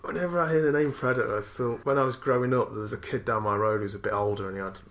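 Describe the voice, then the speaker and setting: A man's voice: mid-range voice, fairly even intonation, very fast, fairly bright tone. A laid-back British man in casual chat, swearing now and then.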